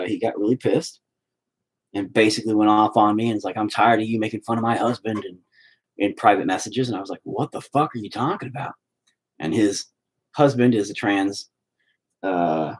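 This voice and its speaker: Profane rambling man with a husky voice. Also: medium pitch, a little mellow, rough recording. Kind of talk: casual storytelling rant.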